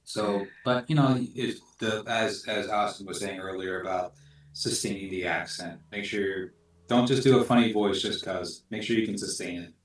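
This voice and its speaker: A man's voice: lowish voice, moderate pace. A man giving earnest, instructive advice to other voice actors. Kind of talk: casual advice. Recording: echoey room, far from mic.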